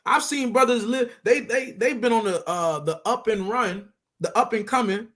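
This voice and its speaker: A man's voice: very high-pitched, normal speed, a bit bright. A man teaching scripture in a casual street style, emphatic and conversational, often repeating his points for stress. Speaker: religious teacher.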